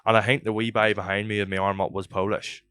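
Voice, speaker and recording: A man's voice: lowish voice, fast, smooth, no echo. A young man telling a rambling, sweary story in a casual podcast chat. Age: young adult. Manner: swearing, rambling, animated retelling. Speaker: podcast host.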